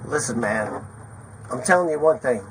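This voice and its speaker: A man's voice: medium pitch, expressive, normal speed, background noise. A man being arrested outdoors, agitated and swearing, swinging between threats and apologies, picked up by an officer's body camera. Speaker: arrested suspect. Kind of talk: heated pleading at police arrest. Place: outdoors in a parking lot.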